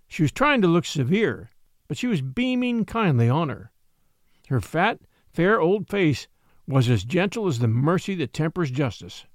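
A man narrating a classic short story, reading in an expressive, measured way. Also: a little high, no echo, clean studio sound. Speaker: narrator and podcast host.

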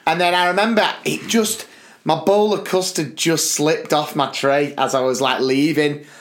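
A British man co-hosting a casual podcast, a teacher telling school stories with animated delivery and acted-out voices. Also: fairly high pitch, normal speed. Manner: animated storytelling, acts out voices. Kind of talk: casual chat.

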